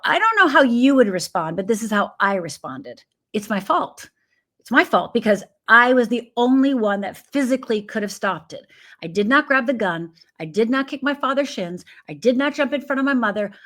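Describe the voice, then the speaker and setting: A woman from Upper Michigan, USA, appears as a guest life coach, telling her own story vividly and imitating the voices of people in it. She has a mid-range voice with a fairly bright tone.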